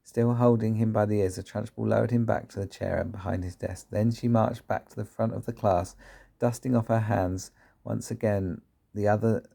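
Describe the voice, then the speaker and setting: A man reads a children's book aloud in a low, gravelly voice. His tone is dark and mellow. He sometimes stumbles and corrects himself mid-sentence. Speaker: reader.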